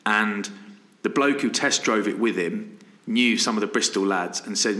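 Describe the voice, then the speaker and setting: A man's voice: on the low side, moderate pace, pushed and bright, reverberant. A man in his thirties, a podcast co-host, telling anecdotes in a casual chat and acting out his friends' lines. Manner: storytelling, laughs often, acts out quoted friends.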